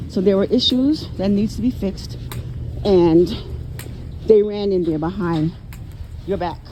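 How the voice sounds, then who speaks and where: Woman, tired, indignant, repeats herself, average pitch, outdoor phone recording, traffic noise. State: tired, walking with a cane. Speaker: public housing tenant. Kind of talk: casual vlog filmed on a phone. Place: outdoors around housing buildings. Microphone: handheld phone.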